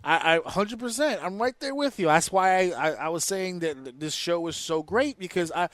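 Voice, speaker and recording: A man co-hosting a casual wrestling podcast, talking in an animated, profane and opinionated way. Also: sits high, normal speed, no room sound. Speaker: podcast co-host.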